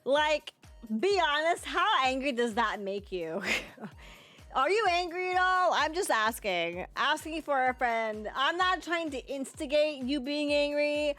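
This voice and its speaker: Woman streamer, chatty and playful, slightly high voice, unhurried delivery, faint music underneath. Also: expressive, a bit bright. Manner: chatty and playful, laughs often, talks back to chat. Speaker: livestreamer. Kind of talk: live gameplay commentary and chat with viewers.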